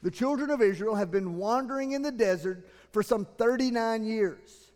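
A man, preaching a sermon as pastor in a church, moving between loud emphatic passages and quiet, earnest asides. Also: high voice, normal speed. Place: church sanctuary. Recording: long hall reverb.

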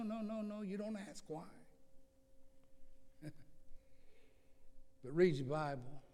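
A man preaching a sermon, slow and earnest, with dramatic swings from soft to loud. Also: fairly high pitch, gravelly. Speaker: pastor. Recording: long hall reverb.

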